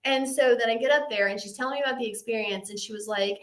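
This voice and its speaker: A woman hosting a live stream, telling a story in a casual, animated, self-mocking way and acting out both sides of the conversation. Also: on the high side, fast, hardly any pauses.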